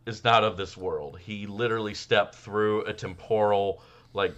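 A man's voice: on the low side, normal speed, muffled recording. A man co-hosting a casual comedy podcast, telling stories and acting out the quotes. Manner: animated storyteller, acts out quotes. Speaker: podcast co-host.

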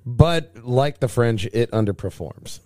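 A man's voice: mid-range voice, animated, measured pace, mellow, dry recording, clean studio sound. A man co-hosting a casual car podcast, reacting with joking banter. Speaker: podcast co-host. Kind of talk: casual car-news chat.

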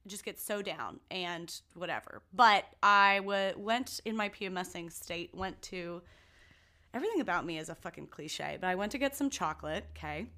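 A woman co-hosting a casual chat podcast, telling stories as animated, swearing rants. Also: fairly low pitch, normal speed. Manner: animated ranting storyteller, swears freely. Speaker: podcast co-host.

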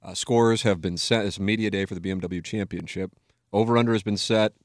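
A man's voice: on the low side, steady tone, a little fast, dry recording. A man hosting a podcast in a studio, chatting casually, joking and swearing freely. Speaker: podcast host.

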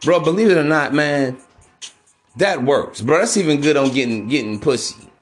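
A man's voice: on the high side, lively intonation, normal speed, soft background music. A man hosting a podcast, giving relationship advice in a casual, profane, preachy monologue that keeps calling his listeners bro. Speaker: podcast host.

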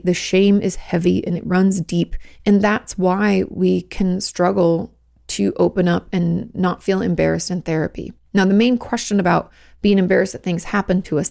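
A woman hosting a podcast as a therapist, giving casual, frank advice. Her voice carries a steady gravelly fry, and she talks in a loose, conversational way, full of "like" fillers. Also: fairly low pitch.

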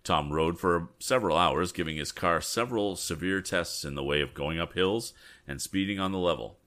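A man's voice: low-pitched, normal speed, a bit bright. A man reading an old adventure story aloud, breaking off for chatty asides. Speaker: reader.

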